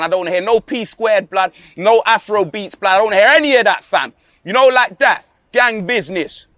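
Lively, bright-voiced man bantering. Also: high voice. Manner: boastful, slang-heavy, mocking. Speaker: podcast co-host. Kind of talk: casual football banter.

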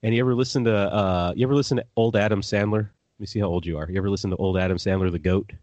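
Low-voiced male podcast host, dry close sound; loose, rambling, profane chat. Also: steady tone, racing, darkish tone, dry recording. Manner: rambling, swears freely, laughs at his own stories. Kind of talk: casual chat.

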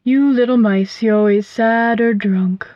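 A woman's voice: on the high side, fairly even intonation, warm tone, no room sound, close to an everyday voice. Woman voicing a huge cooing owl. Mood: dismissive. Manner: cooing, unhurried, philosophical. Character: huge female owl, predatory, calm, wry. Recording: dull, dry recording.

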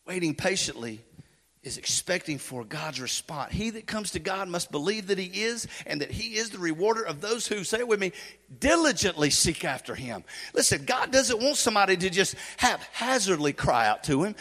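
A male pastor preaching a sermon in a church, swinging from loud urgency to hushed intensity, with folksy joking asides. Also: high voice, sing-song, brisk. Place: church sanctuary. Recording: long hall reverb.

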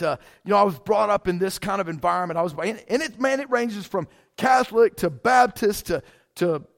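A male pastor preaching in a casual, conversational way, often saying "man" and "like" and restarting phrases, moving between loud emphatic bursts and quiet asides. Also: high voice, vocal fry. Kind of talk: casual sermon.

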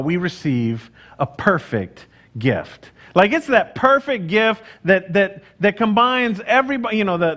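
A man's voice: sits high, a bit bright. A middle-aged man, preaching a casual, conversational sermon with frequent fillers and restarts. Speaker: pastor.

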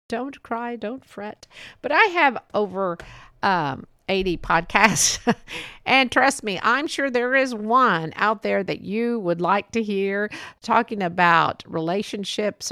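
A woman's voice: medium pitch, fairly bright tone, clean tone, no echo, clean studio sound. Chatty woman podcast host. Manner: chatty and rambling, with many fillers and laughs. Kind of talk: casual solo podcast chat.

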